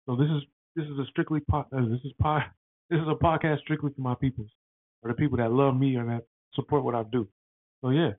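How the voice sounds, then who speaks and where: Man, casual podcast host, rambling, slangy, excitable, tinny phone-like sound, dry. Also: medium pitch, a little fast, dry recording.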